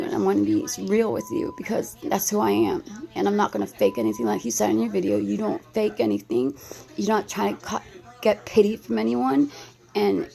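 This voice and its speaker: A woman's voice: on the high side, creaky, dark tone. A woman in her thirties from the United States, talking anxiously and rambling in an emotional vlog response, with many restarts. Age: 30s.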